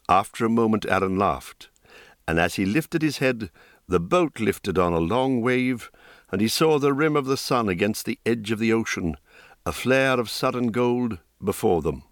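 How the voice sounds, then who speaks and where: A man reading a fantasy novel aloud in a measured, deliberate storytelling voice. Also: fairly low pitch, animated, no echo, studio quality. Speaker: audiobook narrator. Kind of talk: scripted narration of a fantasy novel.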